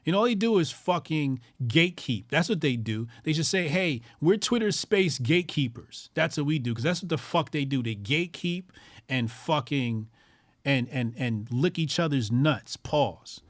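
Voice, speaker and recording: A man hosting a call-in show, ranting in loud, profane, mocking bursts and repeating lines for emphasis. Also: a little high, animated, normal speed, no room sound, studio quality.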